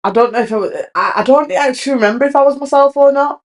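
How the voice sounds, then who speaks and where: Young woman, solo podcast host, candid rambling chat, fairly high voice. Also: fast. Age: young adult. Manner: rambling, candid, restarts often.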